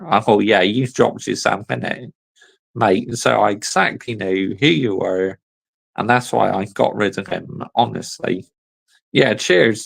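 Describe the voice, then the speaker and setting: A young man rants on a casual livestream, answering the live chat in a blunt, exasperated way. His voice has a heavy gravelly fry, and he speaks at an unhurried, drawn-out pace. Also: medium pitch, a bit bright, low-quality recording. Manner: exasperated, blunt, repeats "honestly" and "mate".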